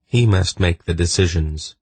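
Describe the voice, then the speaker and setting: A man's voice: sits low, measured pace, darkish tone, husky, no room sound, heavily acted. A man voicing an earnest, protective young man in wolf form who speaks insistently in an audiobook.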